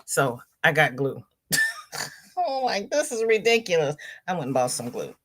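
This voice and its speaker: A woman's voice: deep voice, big pitch swings, normal speed, slight background noise. A woman hosting a casual livestream from home, reading viewers' comments aloud and answering them in a chatty way. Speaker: livestream host.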